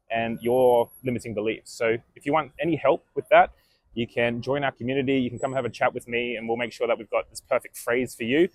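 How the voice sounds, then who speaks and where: An Australian man, a speaker and vlogger, tells stories to an audience in a loose, relaxed manner, sprinkling in plenty of "like" and "you know." His voice sits in a mid range and comes across as easygoing and conversational rather than polished.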